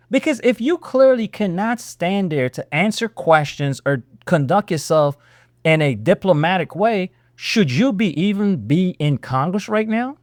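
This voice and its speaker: Animated, high-pitched sarcastic man. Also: dry recording, studio quality. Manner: sarcastic, animated, rhetorical questions. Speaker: host. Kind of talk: political reaction commentary.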